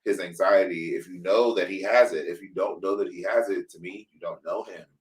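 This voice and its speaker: Low-voiced man recapping a show, animated. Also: brisk, far from the mic, rough recording. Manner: animated storytelling, acts out quotes, swears freely. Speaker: podcast co-host. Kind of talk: casual review chat.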